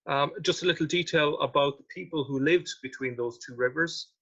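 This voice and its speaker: A man's voice: fairly high pitch, a little fast, fairly bright tone, breathy edge, lo-fi sound. A man presenting a history talk with slides, reading out old quotations and questioning what they mean. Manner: reads quotations aloud, then questions them.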